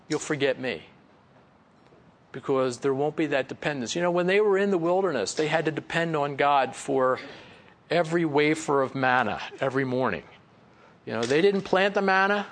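A male preacher delivers a sermon in a relaxed, conversational tone, often dropping in "you know." His voice sits a little high and has a gravelly edge. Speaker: pastor.

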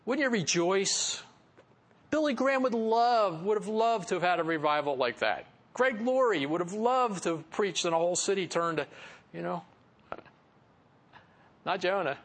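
A man's voice: high voice, lively intonation, normal speed, long pauses. A man preaching a sermon in a casual, conversational way, with chuckling asides and frequent fillers. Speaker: pastor. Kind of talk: expository sermon.

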